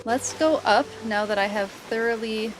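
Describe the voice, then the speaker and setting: A woman streaming a video game, chatting casually and reacting with excited gasps and squeals. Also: on the high side, moderate pace, over music. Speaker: streamer and biologist. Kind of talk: casual let's-play commentary.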